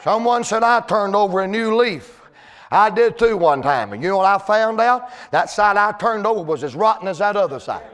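A pastor preaches in a high, ringing voice. He tells folksy stories, then climbs into shouted lines, stretching out key words. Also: animated, a little fast, few pauses. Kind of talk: sermon.

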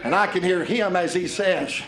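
Fervent high-voiced male preacher. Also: crowd noise. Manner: fervent, shouting, folksy, drawn-out phrasing. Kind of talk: sermon. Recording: live church sermon with congregation audible. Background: congregation.

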